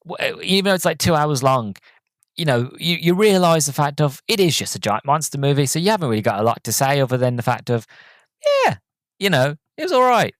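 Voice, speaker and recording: A man's voice: fairly high pitch, very animated, fast talker, no room sound. Rambling man reviewing a movie. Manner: rambling, goes off on tangents, many fillers and restarts. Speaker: podcast host. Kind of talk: casual movie review monologue.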